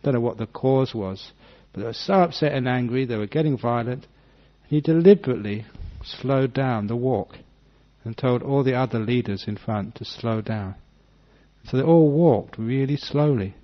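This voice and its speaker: Casting: male Buddhist monk, mid-pitched, measured teaching delivery, dull lo-fi talk recording. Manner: unhurried, reads text then explains with gentle humour. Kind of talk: dhamma talk reading and explaining a sutta.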